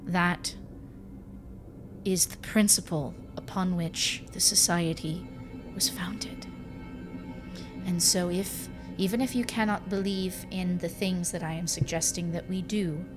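A woman voicing an earnest, devoted woman drawn to the occult, who speaks in a measured, formal way. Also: lowish voice, lightly acted.

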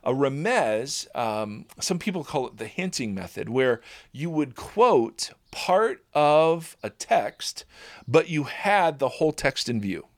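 Informal male Bible teacher, mid-pitched, reads scripture then chats through it. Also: very animated, slow pace. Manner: informal, many fillers and restarts, laughs at own slips. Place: at home, birds audible.

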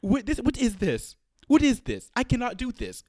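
A man's voice: extremely high pitch, wildly swooping pitch, normal speed, a little mellow, no room sound, clean studio sound, voice pushed up, heavily acted. A man voicing an indignant older male caller with a Jamaican accent who keeps repeating his complaint. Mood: exasperated. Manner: exasperated, repeating himself.

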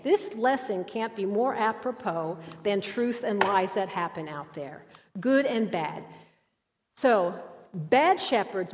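A woman teaching a Bible lesson from scripture, emphatic and asking her listeners questions. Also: fairly high pitch. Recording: dull, hall reverb.

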